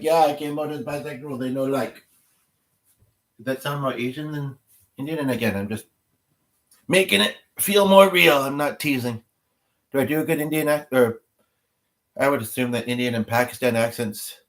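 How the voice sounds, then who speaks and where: A man hosting a livestream, chatting casually with viewers, rambling and thinking aloud as he goes. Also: mid-range voice. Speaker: livestream host.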